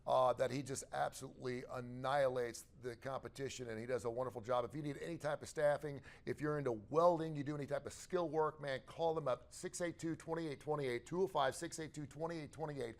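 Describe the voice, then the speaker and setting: A man on a sports talk show reading sponsor plugs in a friendly, enthusiastic pitchman way. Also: steady tone, a little fast, gravelly, hardly any pauses. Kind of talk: casual ad reads.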